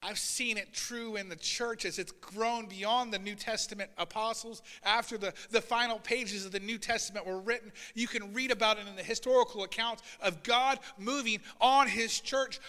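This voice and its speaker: A man preaching a sermon as pastor, swinging between loud, urgent passages and quiet asides, and voicing Bible figures in a raised voice. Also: high-pitched, steady tone, normal speed, hardly any pauses, long reverb tail. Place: church sanctuary.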